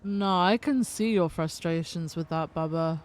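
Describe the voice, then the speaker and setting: A woman's voice: fairly low pitch, a little slow, a little mellow. A woman playing an assistant police chief in role-play, sympathetic but firm. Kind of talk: in-character role-play conversation.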